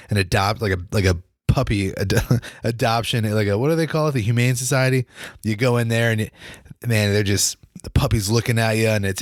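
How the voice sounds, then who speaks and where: A man's voice: mid-range voice, no echo, clean studio sound. A man hosting a solo podcast, chatting casually and rambling with many restarts. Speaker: podcast host. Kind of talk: casual solo podcast about football and beer.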